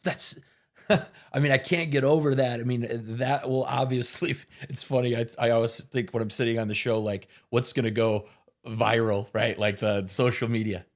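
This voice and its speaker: A man hosts a podcast in an easy, casual chat. He speaks at a middling pitch and mostly offers short, encouraging affirmations to his guest. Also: fairly even intonation, moderate pace. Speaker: podcast host.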